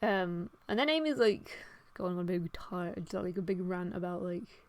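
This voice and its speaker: Slow rambling young woman, dry sound. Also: on the low side, no room sound. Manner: rambling, lots of "like" and "um", frequent swearing. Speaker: artist and video host. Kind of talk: casual chat while drawing, retelling a story.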